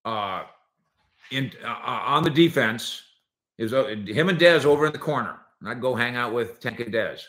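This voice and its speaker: A man hosting a sports opinion show, talking in an animated, sarcastic way and acting out quotes from players and coaches. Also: medium pitch, normal speed.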